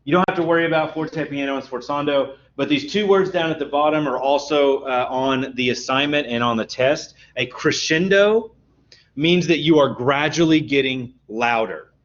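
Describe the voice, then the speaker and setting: A man's voice: fairly high pitch, normal speed, slight background noise. Man giving a dull-sounding music lecture. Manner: explanatory, often checks understanding with "okay?". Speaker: college music instructor. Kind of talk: classroom lecture.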